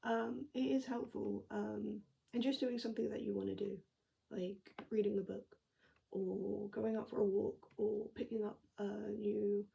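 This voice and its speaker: A woman's voice: mid-range voice, steady tone, measured pace, vocal fry, dark tone, slightly rough, rough recording. An English woman chatting casually as a tarot reader, reassuring her viewers with lots of fillers and 'mate'. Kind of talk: casual tarot reading vlog.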